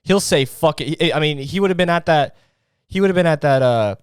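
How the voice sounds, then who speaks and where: Smooth-voiced young man rambling comedically. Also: a little high, fairly quick, dry recording, clean studio sound. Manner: rambling, profane, full of fillers. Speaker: podcast host. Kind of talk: comedic podcast monologue.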